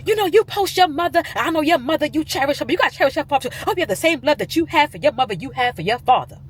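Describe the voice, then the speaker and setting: A woman imitating her pushy, sweet-talking middle-aged aunt in a high, sing-song, insistent voice. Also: expressive, racing.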